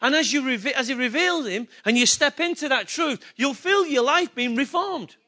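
A man's voice: extremely high pitch, expressive, normal speed, pushed and bright. A man preaching a sermon, emphatic and repetitive, asking the congregation rhetorical questions. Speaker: pastor.

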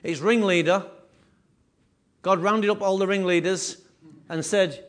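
A man preaching a sermon with emphatic, repetitive phrasing, his voice rising and falling in loudness. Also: sits high, steady tone, a little slow, pauses often. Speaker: pastor.

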